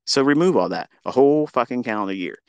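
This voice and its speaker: A man's voice: medium pitch, animated, fast, vocal fry, darkish tone, clear, resonant tone, no room sound, muffled recording. A man hosting a live audio room, ranting in a combative, taunting way with heavy swearing. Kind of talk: profane ranting monologue. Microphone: remote audio call.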